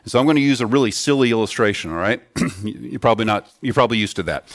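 A man's voice: fairly low pitch, fast talker, no echo, clean studio sound. A man preaching a sermon to children and adults in an earnest teaching tone, putting questions to the children. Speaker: pastor.

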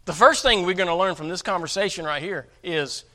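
A male pastor preaching with a high, bright, forceful voice. He is emphatic and stumbles into repeated words as he drives each point home. His delivery swings between loud stresses and quieter asides. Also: fairly quick. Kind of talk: sermon.

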